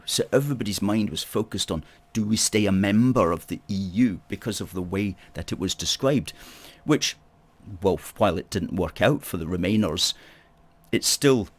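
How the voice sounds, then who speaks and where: A middle-aged man hosting a campaign talk show, making his political case emphatically, repeating key phrases and checking in with "okay?". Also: fairly low pitch. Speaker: campaign group host. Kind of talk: political monologue to camera.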